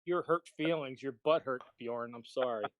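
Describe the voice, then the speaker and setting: A man's voice: mid-range voice, moderate pace, fairly bright tone, no echo. A man who has rejoined a voice call and banters playfully, teasing the others. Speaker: call participant. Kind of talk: casual chat on a voice call.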